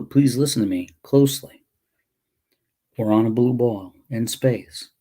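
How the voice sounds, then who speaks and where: A man's voice: lowish voice, darkish tone. A man who makes his own comics, ranting in a casual vlog, impassioned and swearing freely. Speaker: self-published comic creator.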